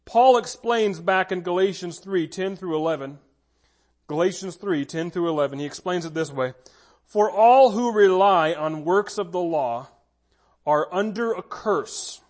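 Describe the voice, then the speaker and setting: A man preaching with a notably high voice, pressing his points hard. He slows down on the words he wants to land and speeds up through his asides. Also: lively intonation, darkish tone. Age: adult with a child. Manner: emphatic, slows down to stress key words. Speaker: pastor. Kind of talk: sermon.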